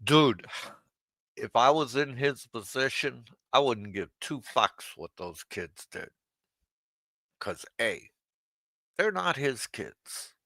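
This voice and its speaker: A man's voice: mid-range voice, lively intonation, slow, long pauses, bright, forceful tone, no room sound. A man hosting a livestream, talking in a mocking, profane rant aimed at someone who is not there and laughing at his own jabs. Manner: talks straight to an absent listener. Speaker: livestream host.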